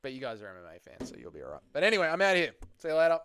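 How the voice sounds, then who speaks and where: A man's voice: a little high, wildly swooping pitch, very fast, a bit bright, slight background noise. A man hosting a casual livestream, chatting loosely with his viewers and swearing freely. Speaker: livestream host.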